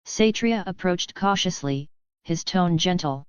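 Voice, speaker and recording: A woman narrating a web novel audiobook in a steady storytelling voice. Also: fairly low pitch, normal speed, clear, resonant tone, no room sound, highs cut off. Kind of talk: scripted narration.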